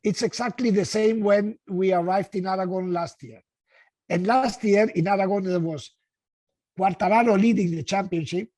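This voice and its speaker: A man talks in casual podcast chat, his voice sitting fairly high for a man. He speaks haltingly, restarting his phrases as he searches for words. The recording is very dry and close. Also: dark tone, no room sound. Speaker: podcast co-host.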